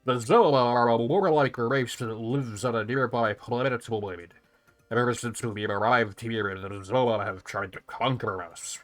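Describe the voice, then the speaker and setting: A man voicing a haughty female alien hive ruler from a video game, reading her lines slowly and solemnly. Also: mid-range voice, faint music behind, pitched below the performer's own voice, natural voice. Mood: imperious. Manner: slow, solemn, commanding delivery. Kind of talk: reading game dialogue aloud in a voice.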